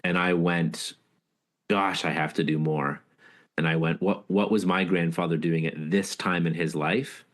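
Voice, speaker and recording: A man's voice: deep voice, fairly even intonation, unhurried. A man talking as an interview guest, an author and leadership speaker who tells stories in an earnest, reflective, heartfelt way. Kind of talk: casual interview storytelling.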